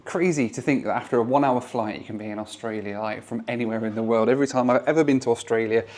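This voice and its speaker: A man's voice: medium pitch, fast, a little mellow. A man in his thirties, casually vlogging his travels to the camera in a chatty, upbeat way.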